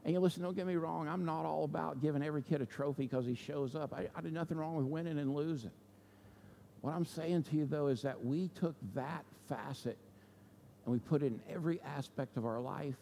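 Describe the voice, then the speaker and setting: High-voiced preacher in a reverberant hall. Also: male voice, a little fast, creaky, dark tone, slight background noise. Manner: conversational, asks the audience "okay?" and "right?". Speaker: pastor. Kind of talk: sermon with storytelling. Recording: long church hall reverb.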